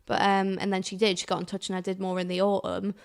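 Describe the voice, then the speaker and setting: A young woman with a Geordie accent talks quickly in a casual podcast chat. She tells her story at speed and slips into little voices for the people she quotes. Her pitch sits in the middle of the range. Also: completely flat delivery, smooth. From Newcastle, England. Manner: fast-talking storyteller, acts out quoted voices. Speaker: comedian guest.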